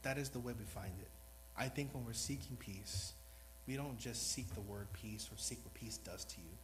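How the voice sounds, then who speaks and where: A man's voice: mid-range voice, moderate pace, a little hiss or hum, low-quality recording. A man preaching a sermon in an earnest, rambling, self-deprecating way, new to speaking before this congregation. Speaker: lay preacher.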